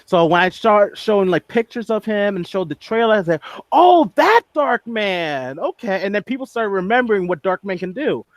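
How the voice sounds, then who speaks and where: A man with a slightly raised pitch earnestly tells how he made an animation, restarting his sentences often as he goes. The mic is close and dry. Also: very animated, moderate pace, few pauses, dry recording. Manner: earnest storyteller, frequent restarts. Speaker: guest animator and director. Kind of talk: casual podcast interview.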